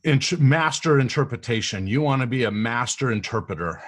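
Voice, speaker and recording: A man's voice: mid-range voice, lively intonation, moderate pace. A man hosting a motivational interview, talking in an earnest, coaching way and often adding "right?". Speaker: host.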